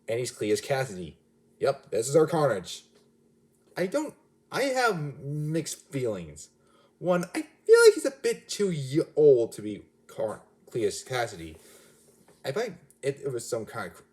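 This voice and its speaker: A man's voice: lowish voice, darkish tone. A man giving a casual, rambling movie review, often restarting and correcting himself mid-sentence. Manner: rambling, self-correcting, chatty.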